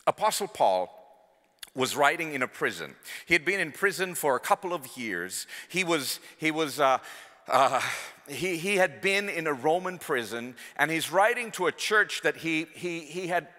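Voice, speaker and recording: A man preaching a sermon in a large church, animated, swinging between loud and hushed, and repeating words when he speeds up. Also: fairly high pitch, normal speed. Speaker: guest preacher. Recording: long church hall reverb.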